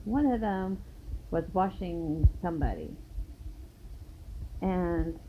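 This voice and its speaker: A woman's voice: on the low side, lively intonation, slow. A woman in her thirties telling a personal story in a casual, blunt and profane way, with a lot of emphasis. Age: 30s. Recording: dull lo-fi recording, faint hiss.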